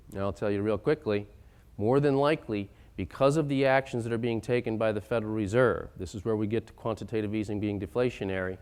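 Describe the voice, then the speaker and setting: Insistent male speaker, smooth resonant tone, lectures with rising emphasis. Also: medium pitch. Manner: emphatic, building to loud insistent points. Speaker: economic speaker. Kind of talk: lecture-style talk.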